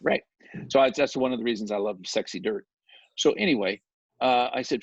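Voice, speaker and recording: Gravelly, chatty man telling a story. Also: medium pitch, brisk, dry recording. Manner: animated, chatty, often asks "right?". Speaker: guest, real estate developer. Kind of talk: casual storytelling interview. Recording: dull lo-fi recording, dry.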